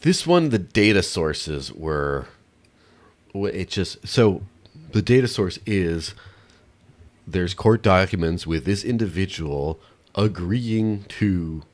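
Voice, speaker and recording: Deep-voiced male podcast co-host, blunt and irreverent, casual and a bit exasperated. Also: expressive, measured pace. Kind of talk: casual chat.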